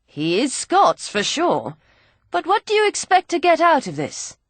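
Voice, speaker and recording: A woman's voice: high-pitched, huge pitch swings, a little slow, dry recording, voice pushed up, heavily acted. A woman reading an audiobook, voicing a stern male naval officer who speaks curtly and grimly. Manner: curt, grim.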